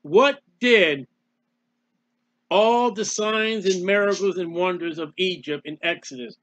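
A man's voice: sits high, slow pace, fairly bright tone. A man preaching an impassioned Bible sermon, speaking emotionally and repetitively in the first person as the psalmist. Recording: dull lo-fi recording.

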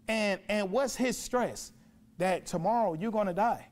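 A man's voice: high-pitched, unhurried, a little mellow. A man preaching a sermon in a church, emphatic, repeating phrases and asking rhetorical questions. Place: church sanctuary.

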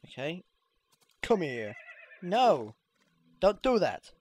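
A gamer giving casual, excitable gameplay commentary, swearing freely and squealing when things go well. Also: medium pitch, takes it slowly, a little hiss or hum. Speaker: let's play gamer.

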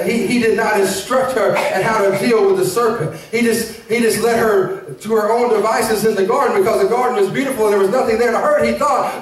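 A man preaching a lively sermon as pastor, shouting, laughing and calling out to the congregation. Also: extremely high pitch. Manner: preaching with call-and-response asides. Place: church sanctuary. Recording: very echoey church hall, mic at a distance.

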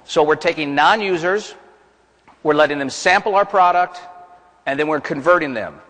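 A man's voice: fairly high pitch, normal speed, a bit bright. A man from the American South gives a plain-spoken, folksy seminar presentation to a conference audience, asking the room questions as he goes. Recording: reverberant conference hall.

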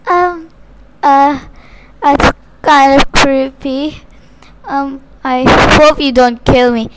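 A woman's voice: sits high, fairly even intonation, extremely slow, noisy background. A young woman giving playful, dramatic play-by-play of a zombie game, often shrieking in mock panic. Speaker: gaming channel host.

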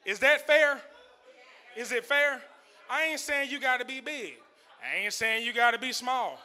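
High, bright-voiced male stand-up comic. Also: a little slow. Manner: loose, conversational, trailing punchlines with laughs. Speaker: stand-up comedian. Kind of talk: stand-up set. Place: comedy club stage.

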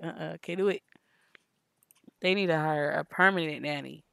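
A woman's voice: deep voice, moderate pace, vocal fry, fairly bright tone, no echo, studio quality. A woman hosting a gaming channel, giving casual, chatty, slangy commentary on a life-sim game at a desk mic. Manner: chatty, slangy, breaks into sing-song.

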